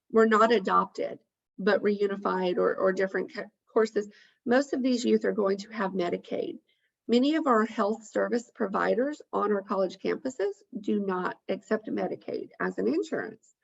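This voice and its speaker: Woman on a webinar call, kinda gravelly, lots of ums, audio a bit muffled. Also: medium pitch. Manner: earnest, lists points with frequent ums. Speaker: webinar presenter. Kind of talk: informational webinar talk. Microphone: video call.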